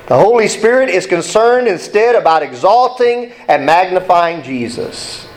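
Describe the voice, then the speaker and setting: A man's voice: high voice, expressive, unhurried, hardly any pauses, poor audio. A male pastor preaching an emphatic sermon, repeating key points and asking the congregation to read along.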